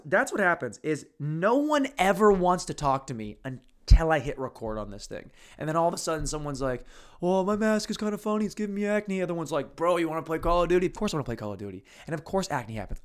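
A man hosting a podcast alone, rambling crudely in a casual monologue with mumbles and restarts, on a podcast mic. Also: mid-range voice. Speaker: podcast host. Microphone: podcast microphone.

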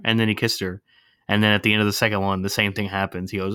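A man's voice: lowish voice, flat delivery, fast, bright, forceful tone, clean tone, no room sound, studio quality. A man co-hosting a casual podcast movie recap, chiming in playfully. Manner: playful, teasing interjections. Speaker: podcast co-host.

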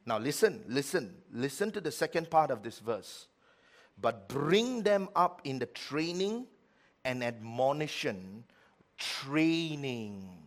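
A middle-aged pastor delivers his sermon slowly in a mid-range voice, swinging vividly between loud, emphatic lines and quiet ones.

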